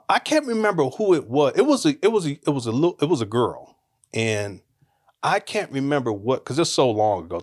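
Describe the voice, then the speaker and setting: A man in his forties telling a personal story in a casual, rambling, joking way, often restarting his sentences. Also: mid-range voice.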